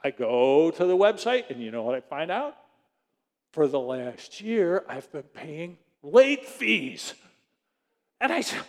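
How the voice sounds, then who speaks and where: A middle-aged man, a pastor preaching a sermon, telling a story in an animated way and acting out both sides of phone calls. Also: a little high, a little slow. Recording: long reverb of a hall.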